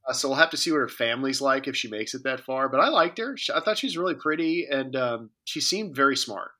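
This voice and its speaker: A man's voice: mid-range voice, lively intonation, fast talker, pushed and bright. A man co-hosting a podcast in casual chat, joking and rambling with many fillers and restarts. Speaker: podcast co-host.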